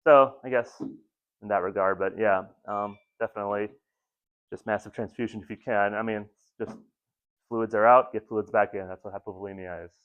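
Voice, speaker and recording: Low-voiced man giving a rambling lecture. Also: steady tone, moderate pace, clean tone. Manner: rambling, self-deprecating, many ums and restarts. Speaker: lecturer at an ambulance crew training. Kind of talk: casual training lecture. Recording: muffled lo-fi recording.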